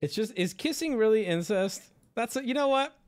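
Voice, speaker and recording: A male streamer in his thirties talks off the cuff, his voice swinging between low mumbling and loud, panicked shouting. His pitch sits a little high and moves around a lot. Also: lively intonation, a little fast. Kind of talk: casual live-stream commentary.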